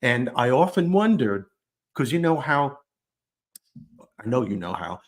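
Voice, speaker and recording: A guest storyteller shares a personal story in an easy, conversational manner, animated and self-deprecating, acting out the lines he quotes. His voice sits at a middle pitch, and he takes his time.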